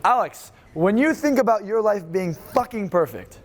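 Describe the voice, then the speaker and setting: A man leading a live seminar, energetic and fast, swearing freely as he instructs the room. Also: high voice, slight background noise. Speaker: seminar speaker.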